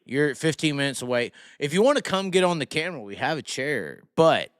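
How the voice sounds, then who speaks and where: A man's voice: a little high, big pitch swings, fairly quick, fairly bright tone, smooth, no echo, clean studio sound. A man hosting a casual live stream, rambling and incredulous, talking to viewers with many restarts. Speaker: livestream host.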